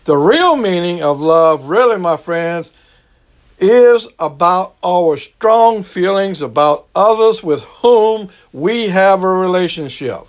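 A middle-aged man with a Southern Cajun accent, preaching a sermon in a slow, folksy way and stretching out his key words. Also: sits high, expressive, muffled recording. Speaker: pastor.

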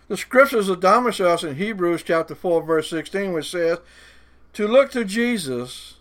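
A man preaching a sermon in a folksy way, slowing down with dramatic pauses to stress the verses he reads and mocking doubters in a put-on voice. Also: sits high, expressive, a bit bright.

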